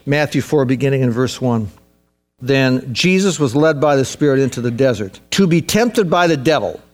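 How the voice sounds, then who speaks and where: A man preaching a sermon as pastor, earnest and conversational, repeating key points for emphasis and dropping to a hushed tone for reflection. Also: mid-range voice, expressive, normal speed, soft background music.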